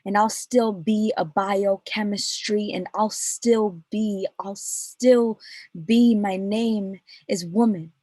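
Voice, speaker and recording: A woman poet performing a spoken word piece over a video call with a slow, measured, repeating cadence. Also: medium pitch, steady tone, dark tone, no room sound. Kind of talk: spoken word poetry reading.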